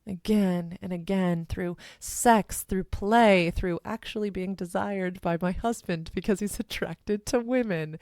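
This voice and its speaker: A woman's voice: medium pitch, creaky, darkish tone, no echo, studio quality. A woman guest on a podcast interview, speaking in an earnest, flowing, heartfelt way. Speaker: guest, sexuality educator.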